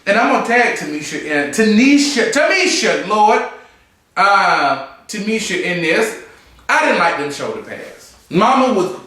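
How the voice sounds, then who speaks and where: A man chatting through a review in a campy, sassy manner, his voice high and bright. It rings out in a very echoey room, picked up from a little way off the mic. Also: distant mic. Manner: campy, sassy, animated, full of asides and mimicry. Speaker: drag show reviewer. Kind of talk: casual review chat. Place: room, seated on a stool.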